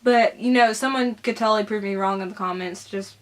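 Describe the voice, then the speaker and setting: A woman's voice: medium pitch, steady tone, fairly quick. A young Southern American woman with a Southern accent, chatting casually as she answers viewer questions in her vlog. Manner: chatty, rambling, giggly.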